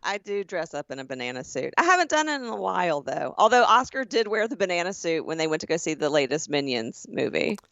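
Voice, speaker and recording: Lively Southern woman telling a story. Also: on the low side, fast, gravelly, few pauses, dry recording, lo-fi sound. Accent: Southern American. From Southern United States. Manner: animated storyteller, acts out voices. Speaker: podcast co-host. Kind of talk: casual comedy chat.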